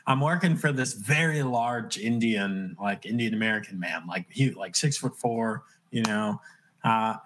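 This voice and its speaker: A man hosting a podcast, talking in a relaxed, chatty way and laughing along with his guest. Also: mid-range voice. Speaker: podcast host. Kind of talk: casual conversation.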